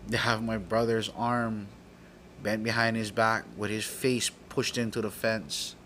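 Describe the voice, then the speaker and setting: A man's voice: on the low side, little pitch movement, unhurried, a bit bright, a little hiss or hum. A middle-aged man from Hawaii telling a personal story, heated and profane, acting out the dialogue. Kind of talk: personal story told aloud.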